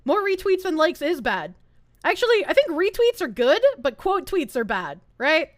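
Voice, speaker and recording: High-pitched, lively young Southern woman streamer, bursts of laughter, casual swearing, dry close sound. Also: moderate pace, no room sound. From American South. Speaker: VTuber streamer. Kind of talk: casual stream chat, reading chat aloud.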